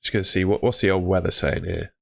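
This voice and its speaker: A man's voice: low voice, fairly even intonation, quick pace, creaky. A man hosting a casual live stream, chatting upbeat with viewers and greeting them by name. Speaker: livestream host.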